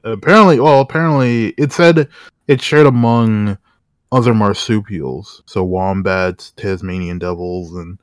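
Young male podcast co-host, giggly, swooping pitch, dry close mic. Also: measured pace, no room sound. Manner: laughs often, animated pitch swings. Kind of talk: casual chat.

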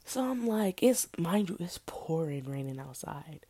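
A woman telling a casual story in slangy, animated talk, with sudden loud outbursts. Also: on the low side, measured pace, husky, no room sound.

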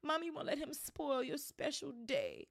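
Woman doing a shrill snapping aunt. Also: measured pace, vocal fry, no echo, clean studio sound. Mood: cooing. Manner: high snapping outbursts. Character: shrill fussy middle-aged aunt.

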